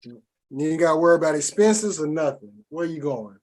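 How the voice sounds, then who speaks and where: A man's voice: a little high, lively intonation, a little fast, a little mellow. A man hosting a podcast in casual chat, asking the guest questions in a laid-back, hesitant way. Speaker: podcast host.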